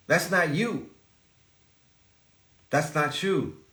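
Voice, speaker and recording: A man's voice: fairly high pitch, unhurried, a bit bright, reverberant. A man hosting a live stream, ranting in a preachy, profane way and asking rhetorical questions. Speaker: podcast host.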